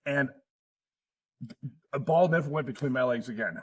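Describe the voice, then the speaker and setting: A man's voice: medium pitch, normal speed, breathy edge, distant mic. A middle-aged man hosting a casual conversation, telling stories and laughing often. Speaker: podcast host.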